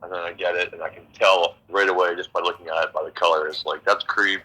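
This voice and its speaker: A man's voice: low voice, flat delivery, quick pace, bright, forceful tone, low-quality recording. A man from Canada chatting casually while gaming, rambling through stories and swearing freely. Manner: swears a lot, rambling storytelling. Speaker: mobile game player.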